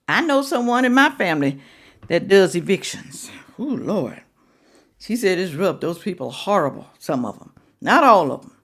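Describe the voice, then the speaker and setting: A woman hosting a reaction video who lectures and scolds, repeating her points for emphasis. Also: fairly high pitch. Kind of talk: reaction commentary.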